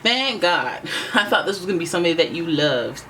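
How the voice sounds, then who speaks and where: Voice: mid-range voice, a little fast, hardly any pauses, bright, forceful tone, a little hiss or hum, low-quality recording. Chatty, sassy tarot reader. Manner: chatty and conversational, full of "like" and asides; sassy, teasing. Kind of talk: casual tarot reading to camera.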